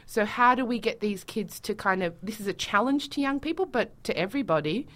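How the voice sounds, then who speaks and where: A woman talking as a theatre-maker guest in a radio studio, animated and acting out quoted voices. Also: mid-range voice, a little fast. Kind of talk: casual interview chat.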